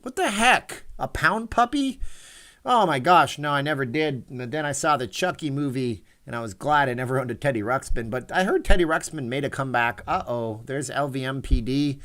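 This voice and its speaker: A man's voice: mid-range voice, a little fast, hardly any pauses, a bit bright. A man in his forties hosting a casual livestream. He rambles and reads viewer messages aloud. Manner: rambling, reads chat aloud, chatty asides. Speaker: livestream host.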